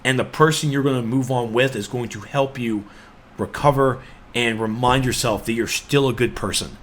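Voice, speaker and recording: A man co-hosting a game podcast, talking in an animated, emphatic, rambling way. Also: medium pitch, normal speed, a little hiss or hum. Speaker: podcast co-host. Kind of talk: casual podcast chat.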